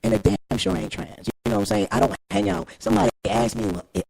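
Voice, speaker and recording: A man's voice: sits high, fast, gravelly, no echo, low-quality recording. A young man, a guest actor and filmmaker, talking candidly in a casual chat, emphatic with lots of laughs and slang. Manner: animated, emphatic, laughs often, street slang.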